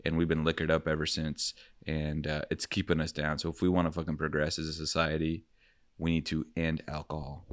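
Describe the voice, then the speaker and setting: A man with a very deep voice, recorded close and dry with no room sound, ranting and rambling through profane comic stories on a podcast. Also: completely flat delivery, a little fast, dry recording. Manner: loud, rambling, profane storytelling. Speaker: podcast co-host. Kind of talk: casual comedic chat.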